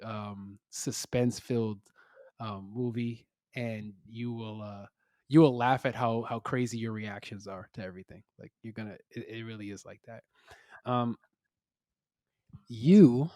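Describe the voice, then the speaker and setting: A man hosting a podcast interview in a relaxed, chatty way, laughing often and restarting his sentences. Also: medium pitch, a little slow, dry recording, clean studio sound. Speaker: podcast host. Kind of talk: casual interview chat.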